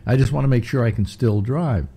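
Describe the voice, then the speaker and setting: A man's voice: medium pitch, brisk, mellow, husky. An older man hosting a casual chat, rambling through stories with many restarts. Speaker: host.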